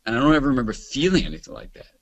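A man voicing an elderly male therapy client who speaks softly and haltingly, searching for words. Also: mid-range voice, very animated, voice pushed up. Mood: sad.

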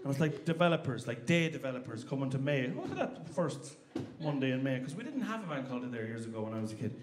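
A man with an Irish accent performing a stand-up comedy set in a club, animated and sweary, acting out characters. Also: mid-range voice, very fast. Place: comedy club with a live audience. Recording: live club with crowd laughter.

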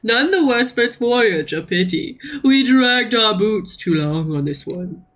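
A high-flown heroic adventurer leader, full of passion and big words, as a woman puts him on. The delivery is theatrical and lofty, pitched up and bright, and it swells toward shouts as it goes. It sounds like an amateur game voice-over done in a playful spirit. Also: expressive, a little slow, a little hiss or hum. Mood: grandiose. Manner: grandiose, theatrical speech, voice rising to shouts.

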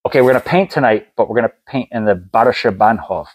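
A man's voice: on the low side, lively intonation, fast talker. A man hosting a podcast, telling a long story in casual chat with lots of fillers and restarts. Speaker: podcast host.

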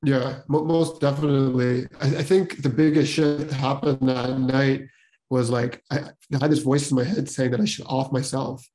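Mellow-voiced man telling his story. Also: mid-range voice, level tone, normal speed. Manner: rambling, heavy on filler words. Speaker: podcast host. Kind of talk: casual personal storytelling.

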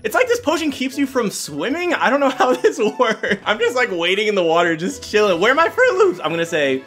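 A man giving excited gameplay commentary as a video host, often breaking into laughs and quick exclamations. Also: high voice, soft background music. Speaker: gaming YouTuber.

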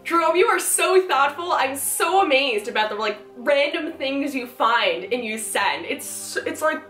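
A woman vlogger opening fan mail at home, gushing and excitable, swearing casually, recorded with roomy echo. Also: high-pitched, unhurried, faint music behind. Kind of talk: casual chat.

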